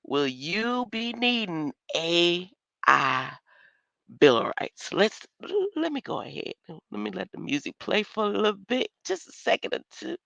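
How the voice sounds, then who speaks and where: A woman's voice: on the low side, very animated, measured pace, vocal fry, fairly bright tone, no room sound. A woman casually chatting with viewers on a livestream from inside her car, playful and laughing often. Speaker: livestream host. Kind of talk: rambling casual livestream chat.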